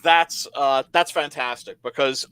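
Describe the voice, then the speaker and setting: A man chatting casually on a comics talk stream, telling stories in an animated, emphatic way. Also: mid-range voice, unhurried, clean tone, dry recording. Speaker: comic creator guest. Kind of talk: casual podcast chat.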